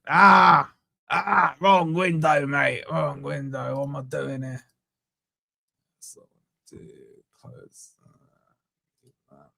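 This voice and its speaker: A man hosting a live football watch-along stream from a home setup. He banters with viewers and gives them shout-outs. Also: on the high side, steady tone, very slow, vocal fry, long pauses, no room sound, studio quality. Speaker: fan channel host.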